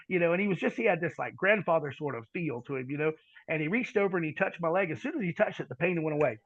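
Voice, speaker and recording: A middle-aged man telling a long personal story on a podcast, halting and repeating words, then dropping into quiet asides. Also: on the high side, vocal fry, dry recording, highs cut off. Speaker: podcast guest. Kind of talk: storytelling in conversation.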